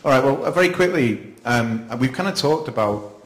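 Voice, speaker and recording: A man's voice: medium pitch, animated, normal speed. A man speaking to a live audience at an event, chatty and self-deprecating, with frequent laughs. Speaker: panel speaker. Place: event venue, indoors. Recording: echoey room.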